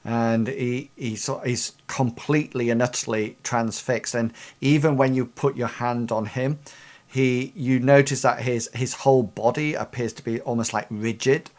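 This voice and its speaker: A man's voice: medium pitch, fairly even intonation, normal speed, a little mellow. A young man narrating a tabletop game as game master, hesitant and full of fillers and restarts.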